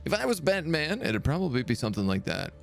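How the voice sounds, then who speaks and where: A casual male streamer commenting on a fantasy strategy game. His mid-range voice moves lively up and down as he reads out game text. Faint music runs behind him. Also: a little high, fast, creaky. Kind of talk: live gameplay commentary.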